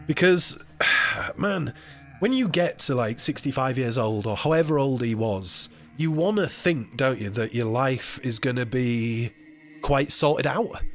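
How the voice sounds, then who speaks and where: A man's voice: mid-range voice, expressive, measured pace, a bit bright, faint music behind. Emotional man telling a story. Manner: emotional, rambling storytelling with quoted voices. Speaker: live stream host. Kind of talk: casual chat.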